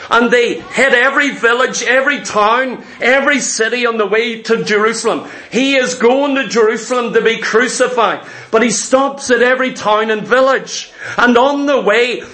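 A man preaching a sermon, retelling scripture stories with animated delivery and acting out the disciples' voices. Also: very high-pitched.

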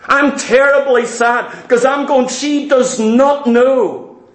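High-voiced preacher man telling a story. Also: echoey room. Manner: animated, repetitive storytelling with dramatic slowdowns. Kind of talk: sermon storytelling.

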